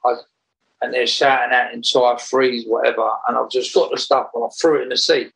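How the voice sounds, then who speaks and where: A man recounting a story in a casual interview, animated and rambling, often laughing as he talks. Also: mid-range voice, brisk, vocal fry, poor audio. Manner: animated, laughs while telling, rambling restarts. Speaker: interview guest.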